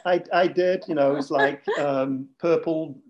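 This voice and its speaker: Middle-aged Mancunian man, jokey guest, slightly high voice. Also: steady tone, unhurried, a little mellow, muffled recording. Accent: Northern English, Manchester. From Northern England. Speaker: podcast co-host, guest. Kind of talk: casual radio chat.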